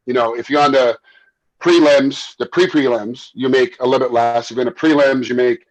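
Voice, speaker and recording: A man who works as a fight referee and once fought himself, telling stories in a casual interview, animated and quick to repeat himself and laugh. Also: medium pitch, dry recording, low-quality recording. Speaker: MMA referee and former fighter.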